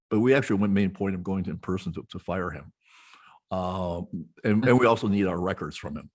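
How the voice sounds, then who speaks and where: Husky rambling middle-aged man. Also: sits low, fast talker. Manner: rambling, many restarts and fillers. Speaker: podcast host, guest being interviewed. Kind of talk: casual storytelling conversation.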